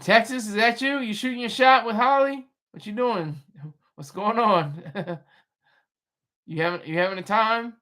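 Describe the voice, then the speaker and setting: A man's voice: high-pitched, unhurried, sharp tone. A man hosting a casual livestream, rambling through his thoughts with restarts and chatting with viewers. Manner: rambling, restarts, chuckles at chat. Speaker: livestream host reading chat.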